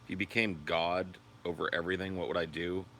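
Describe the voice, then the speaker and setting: A man's voice: flat delivery, a little fast, sharp tone, slight background noise. A man hosting a casual livestream, rambling and cursing while he answers viewer comments. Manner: high sing-song baby talk to his dog. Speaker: livestream host.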